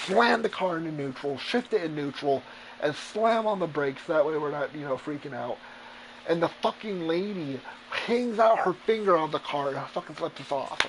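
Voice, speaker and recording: A man's voice: a little high, moderate pace, a little hiss or hum, low-quality recording. Profane, rambling gamer man. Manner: profane, rambling, animated retelling. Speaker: gamer streamer. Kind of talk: casual storytelling over gameplay.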